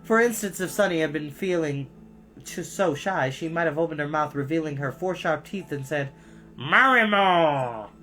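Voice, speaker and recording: A storyteller reading a children's book aloud, pausing to cough and apologize. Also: mid-range voice, soft background music. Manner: expressive, with frequent coughs and apologies.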